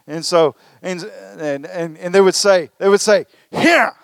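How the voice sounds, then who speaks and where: High-pitched pastor preaching. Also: male voice, moderate pace, dry recording, clean studio sound. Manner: animated preaching with call-and-response to the congregation. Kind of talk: sermon. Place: church service.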